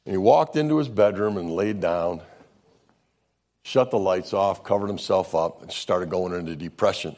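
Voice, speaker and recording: A male pastor preaching a sermon, telling stories in a folksy way and swinging from loud to hushed. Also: a little high, moderate pace. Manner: folksy storytelling, says "man" often.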